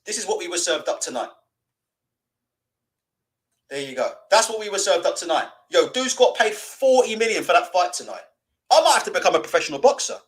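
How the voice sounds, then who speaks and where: A man's voice: high-pitched, fairly bright tone. A man hosting a boxing livestream, ranting, swearing and reading out viewer comments, with mocking put-on voices. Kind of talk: live-stream rant and comment reading.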